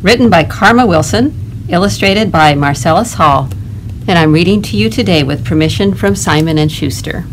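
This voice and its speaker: A woman librarian leading a toddler storytime, reading a picture book aloud in a gentle, animated way. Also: on the low side, moderate pace, a little hiss or hum. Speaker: children's librarian.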